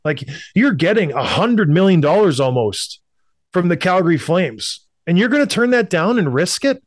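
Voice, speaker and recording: Man, from Canada, opinionated sports talk, emphatic, repeats himself, fairly high voice. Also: very animated, normal speed, no echo, clean studio sound. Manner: blunt, emphatic, repeats points for effect. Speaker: hockey podcast co-host.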